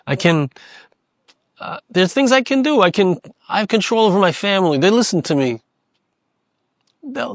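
Male lecturer, fairly high voice, earnest, repeats for emphasis, dry close sound. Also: no echo. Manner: earnest, repeats phrases for emphasis, weaves in Hebrew terms. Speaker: Torah teacher. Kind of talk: Torah lecture.

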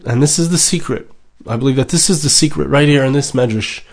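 A man's voice: mid-range voice, fast. A man speaking as a rabbi, delivering an emotional sermon, emphatic and repetitive, with Hebrew terms woven in.

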